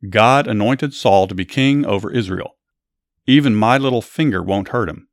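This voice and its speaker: A man's voice: lowish voice, normal speed, dry recording, studio quality, lightly acted. A man voicing a young warrior pleading his innocence in a Bible story, earnest and insistent.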